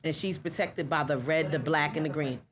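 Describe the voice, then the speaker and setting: A woman with a New York accent co-hosting a podcast, teasing and loud as she gives shout-outs. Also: deep voice, fairly even intonation, fairly quick. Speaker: podcast co-host. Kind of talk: casual chat.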